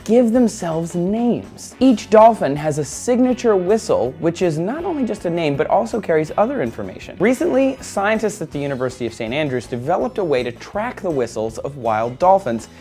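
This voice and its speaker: A man's voice: high-pitched, big pitch swings, moderate pace, few pauses, dark tone, soft background music. A man hosting a science news show, reading a script with an upbeat delivery.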